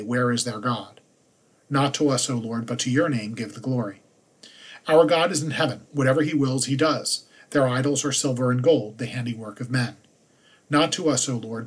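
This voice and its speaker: Man, priest, husky voice, measured scripture reading, mid-pitched.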